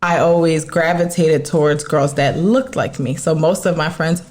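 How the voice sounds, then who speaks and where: Woman podcast co-host, casual chat, laughs a lot, animated storyteller, lowish voice. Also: moderate pace. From Dominican family, raised in Philadelphia.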